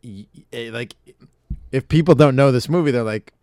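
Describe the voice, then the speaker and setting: A man hosts a casual podcast, rambling and swearing freely. His voice swings widely in pitch and sounds smooth and resonant. The sound is dry and close. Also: normal speed, no echo. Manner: rambling, profane, animated. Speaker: podcast host. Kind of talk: casual chat.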